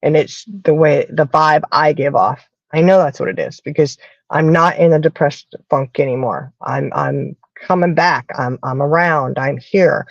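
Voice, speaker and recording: A Southern American woman talks in a relaxed, chatty way, like she is telling a story to friends. Her voice has a gravelly edge and sits in the middle of the range. The recording is dry and a little dull. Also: sits low, measured pace, no room sound. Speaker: podcast host. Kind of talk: casual chat.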